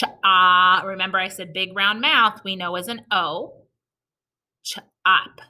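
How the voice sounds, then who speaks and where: Woman teacher doing a phonics lesson for little kids, slow and patient, really bright voice. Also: fairly low pitch. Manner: slow, patient, encouraging, sounds out letters. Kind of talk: recorded early-reading lesson for young children.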